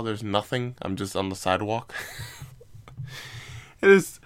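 A man's voice: medium pitch, a bit bright, smooth. A young adult man telling stories in a casual, comic way, rambling and swearing and laughing at his own jokes.

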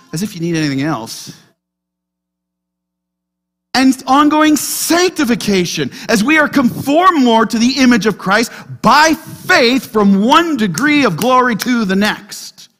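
A man preaching a sermon as pastor, emphatic, dropping quiet then crying out loud. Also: extremely high pitch, expressive, a little slow.

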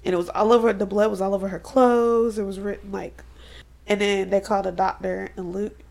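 A woman co-hosting a casual podcast chat, retelling a story with lively acted-out quotes and slang. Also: medium pitch, a little fast, vocal fry. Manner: animated, acts out quotes, slangy. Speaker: podcast co-host. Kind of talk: casual chat recapping a horror novel.

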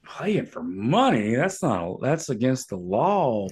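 A man with an average-pitched voice chats casually as a podcast co-host. He sounds laid-back, mostly reacting and dropping in quick jokes. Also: big pitch swings, husky. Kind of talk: casual chat.

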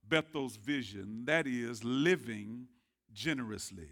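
A man preaching a sermon as pastor, calling on the congregation to answer back and swinging from quiet murmurs to loud rising shouts. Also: mid-range voice, lively intonation, measured pace. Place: church sanctuary.

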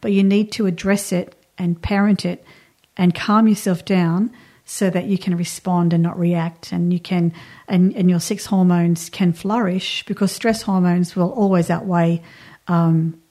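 A woman's voice: fairly low pitch, fairly even intonation, a little slow, mellow. A woman giving earnest wellbeing and astrology advice, speaking straight to the listener in casual chat.

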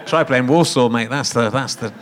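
A man's voice: medium pitch, normal speed, some chatter behind. A man hosting a comedy podcast, chipping in with dry teasing quips. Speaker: podcast host. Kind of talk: casual comic chat.

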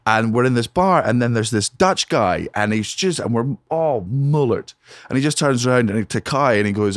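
A man, a comedian guest on a podcast, telling a story in a lively, profane, casual way. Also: mid-range voice, fast, no echo. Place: home podcast studio.

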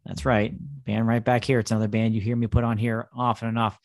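A man co-hosting a music podcast, enthusiastically pitching songs and bands. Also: level tone, brisk, no echo, clean studio sound. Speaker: podcast co-host. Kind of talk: casual music chat.

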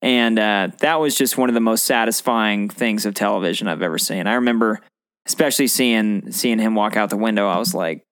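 A man co-hosting a casual fan podcast, speaking in halting bursts with frequent restarts. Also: fairly low pitch, a bit bright, clear, resonant tone. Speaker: podcast host.

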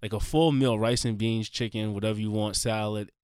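A man's voice: lowish voice, fairly even intonation, brisk, a crowd in the background. Loose, profane young man telling a story. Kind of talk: casual storytelling chat.

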